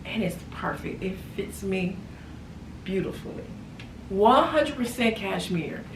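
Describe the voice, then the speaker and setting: Slow, gravelly woman vlogger. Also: medium pitch. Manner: animated, repeats phrases for emphasis. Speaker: lifestyle vlogger. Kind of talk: casual haul vlog. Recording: echoey room, far from mic, background noise.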